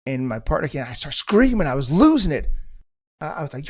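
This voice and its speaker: A man's voice: fairly high pitch, sing-song, fairly quick. A middle-aged man from the United States, a former police officer hosting a podcast, telling a story in a blunt, intense, profane way. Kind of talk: storytelling monologue.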